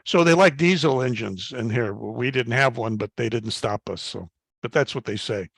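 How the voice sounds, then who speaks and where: An older man in his seventies gives a guest slide talk to an astronomy club, moving through his slides in a folksy, anecdotal way. His voice sits at a middling pitch, and his speech is full of "uh"s and little restarts. The sound is dry and close, with no room around it. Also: normal speed, creaky, fairly bright tone, no echo. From Chicago, United States. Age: 70s. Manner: folksy storytelling with frequent fillers and restarts.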